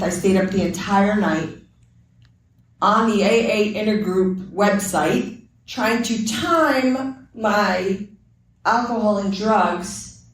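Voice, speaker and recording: Woman telling her story in an echoey room. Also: mid-range voice. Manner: candid, earnest storytelling with quoted dialogue. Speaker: recovery meeting speaker. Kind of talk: personal testimony at a recovery meeting. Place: meeting room. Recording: very echoey room, speaker far from mic.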